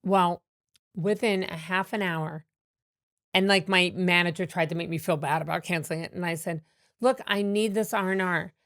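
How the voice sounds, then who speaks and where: A woman comedian telling animated stories with many fillers and restarts in a podcast interview. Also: on the low side, moderate pace, dry recording, clean studio sound. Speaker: comedian guest.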